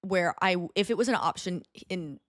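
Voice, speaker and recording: A woman's voice: on the low side, lively intonation, normal speed, no room sound, clean studio sound. A woman co-hosting a comedy podcast, chatting animatedly, laughing often and swearing casually. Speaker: podcast co-host.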